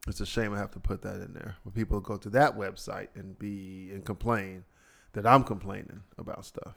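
A man's voice: lowish voice, flat delivery, normal speed, creaky. A man hosting his own podcast, ranting alone in a profane, exasperated way and mocking other people's phrases. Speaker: podcast host. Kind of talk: solo podcast rant.

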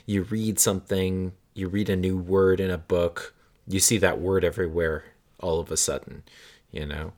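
Animated storytelling man, lowish voice. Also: normal speed. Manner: animated storyteller, acts out quotes in raised voices. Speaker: podcast host telling a story. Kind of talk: casual storytelling chat.

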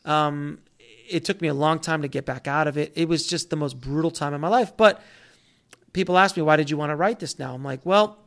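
A man in his thirties tells a long personal story as a guest on a talk show. He speaks a bit higher than most men and animates his quotes with different voices. His delivery is casual and full of restarts. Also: brisk, gravelly, fairly bright tone. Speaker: author guest.

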